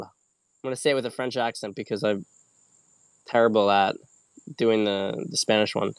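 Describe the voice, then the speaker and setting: A young man talks in a casual, rambling way, often restarting his sentences as he explains things to viewers. His voice is smooth and clear, sitting at an ordinary pitch. The sound is dry and close, with no room echo, and he seems a little tired. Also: fairly even intonation, moderate pace, long pauses. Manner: rambling, self-correcting, conversational teaching. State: a little tired after a long hike. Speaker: host. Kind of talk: casual solo video chat and wine lesson.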